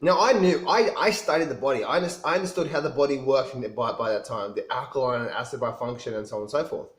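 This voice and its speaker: A man's voice: mid-range voice, fast. Rambling man in an echoey room. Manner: rambling, with frequent restarts and repeats. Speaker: vlogger telling his own story. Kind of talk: casual personal storytelling to camera.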